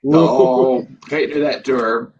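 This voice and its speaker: A man's voice: mid-range voice, steady tone, takes it slowly, a little mellow, dull audio, a little hiss or hum. A man, chatting casually on a live stream and telling joking stories with frequent laughter. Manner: joking storyteller, laughs often.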